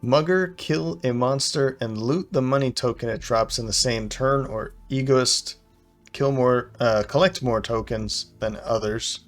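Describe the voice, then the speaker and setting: A man's voice: mid-range voice, faint music behind. A man playing a video game and talking through his choices, hesitant and full of small restarts and fillers. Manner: hesitant, fills pauses with "uh". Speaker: game commentator. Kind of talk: thinking-aloud gameplay commentary.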